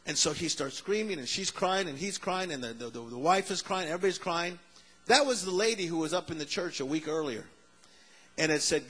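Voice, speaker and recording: A male preacher telling a story in a sermon, animated and acting out the people in it. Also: fairly high pitch, brisk, husky.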